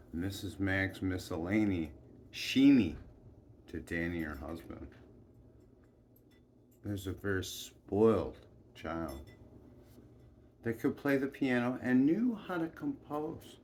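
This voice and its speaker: A man's voice: on the low side, sing-song, slow, long pauses, darkish tone, slight background noise. A man telling a meandering personal story in a folksy style, with asides and chuckles.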